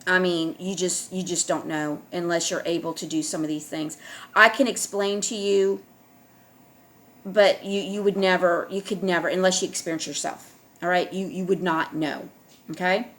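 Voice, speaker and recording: A woman's voice: on the low side, fairly even intonation, moderate pace, a bit bright. A woman vlogger speaking in an emphatic, repetitive monologue to her viewers, often checking in with "all right?".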